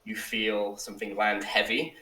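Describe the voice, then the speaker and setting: A man narrating a tabletop game as game master, relaxed, with frequent ums, slowing down for dramatic description. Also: fairly low pitch, far from the mic. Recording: echoey room, off the mic.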